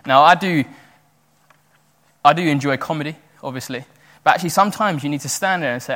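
A young man giving a sermon in a chatty, animated way, full of fillers and restarts. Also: fairly high pitch, brisk, pauses often. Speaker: preacher. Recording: echoey hall with long reverb.

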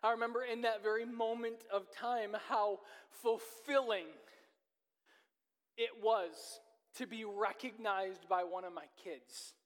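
A pastor preaching a sermon, telling a personal story in earnest, with his pace speeding up and slowing down. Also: high-pitched, fairly even intonation. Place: church sanctuary. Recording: long reverb of a church hall.

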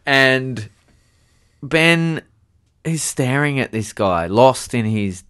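A man's voice: mid-range voice, animated, drawn-out words, fairly bright tone, smooth. A man, co-hosting a podcast, trading dry jokes and banter. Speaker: podcast co-host. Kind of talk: casual chat.

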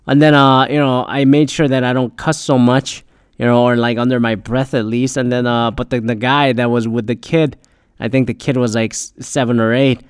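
A man's voice: mid-range voice, level tone, normal speed, clean tone, no echo, clean studio sound. A young man telling a story in a rambling, casual way, swearing often and filling gaps with "uh" and "like.". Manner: rambling, heavy swearing, frequent fillers.

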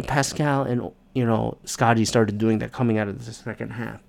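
A man hosting a solo sports podcast, ranting in frustration with heavy swearing and sudden loud outbursts. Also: mid-range voice, animated, fairly quick. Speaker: podcast host.

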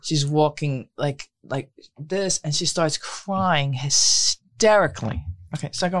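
A woman's voice: low-pitched, normal speed, no room sound. A middle-aged woman, telling a long story in casual chat and acting out what others said. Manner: animated storytelling, acts out quotes.

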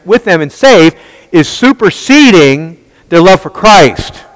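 A man's voice: high-pitched, in a large hall, rough recording. A man teaching a Bible study, asking rhetorical questions and answering them himself, often restarting and repeating words.

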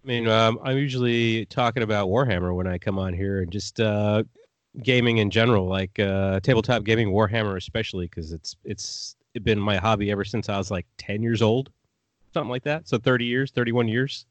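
A man in his forties with a low voice, a guest on a casual podcast, speaking in a laid-back, halting way full of fillers. He has the hiccups, and his voice sounds dry and close with no room. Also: no room sound.

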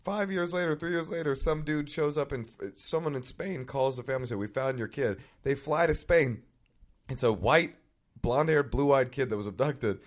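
A man in his twenties, a podcast guest in casual chat, telling stories in an animated, profane way. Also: on the high side, normal speed. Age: 20s.

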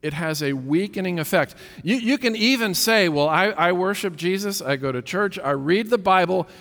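Emphatic preacher in a reverberant hall. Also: male voice, high voice, lively intonation, normal speed, fairly bright tone. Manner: emphatic, rhetorical questions, repeats words. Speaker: pastor. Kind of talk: sermon.

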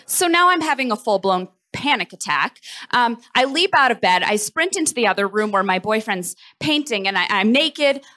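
A woman performing a comic personal story on stage, animated and self-mocking, speeding up in breathless rushes. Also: on the high side. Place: festival stage.

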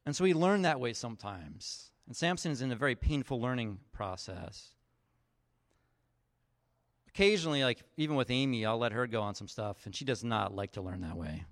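A man's voice: mid-range voice, animated, normal speed. A man as a pastor giving a casual, conversational sermon, telling stories and acting out the voices of people in them. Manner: casual storytelling, acts out quoted voices; chatty, leans on fillers like "like" and "you know".

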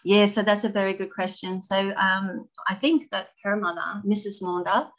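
A woman telling stories about her ballet training in a casual interview, animated and laughing often. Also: mid-range voice, normal speed, low-quality recording. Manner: animated, laughing, expressive storyteller. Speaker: guest, former ballet dancer.

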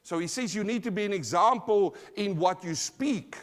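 A man with an Australian accent preaching a sermon live in church, emphatic, calling out to the congregation, swinging from loud to quiet. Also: sits high, lively intonation, moderate pace. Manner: emphatic, call-and-response preaching. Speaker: pastor.

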